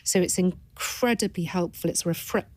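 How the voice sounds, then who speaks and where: A thoughtful woman in a podcast conversation, reflecting earnestly and often circling back to restart a phrase. Her voice sits somewhat low. The sound is dry and close-miked. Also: normal speed, a little mellow, no room sound. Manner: earnest and thoughtful, with frequent restarts and repeated words. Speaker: palliative care doctor, podcast guest.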